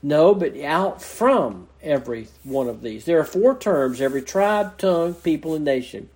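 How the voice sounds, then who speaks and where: A man's voice: fairly high pitch, animated, normal speed, a little mellow. A man preaching an expository sermon, earnestly explaining scripture verse by verse in a teacherly way. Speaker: pastor.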